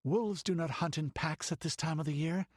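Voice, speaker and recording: A man voicing a languid noblewoman in an audiobook, his voice lifted higher. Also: moderate pace, no room sound, studio quality, lightly acted. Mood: uneasy. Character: noblewoman, languid but easily alarmed.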